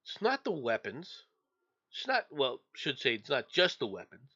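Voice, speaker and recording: A man's voice: medium pitch, huge pitch swings, moderate pace, bright, forceful tone, breathy edge. A man hosting an opinionated news commentary, ranting angrily with profanity and frequent stammered restarts. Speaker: show host. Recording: dull lo-fi audio.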